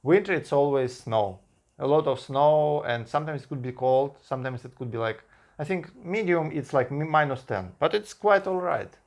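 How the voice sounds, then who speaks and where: A man from Russia with a Russian accent, a native Russian speaker talking in English in a casual vlog, pausing and restarting often with simple grammar. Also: a little high, expressive. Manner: halting speech with frequent restarts and simple grammar. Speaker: vlogger.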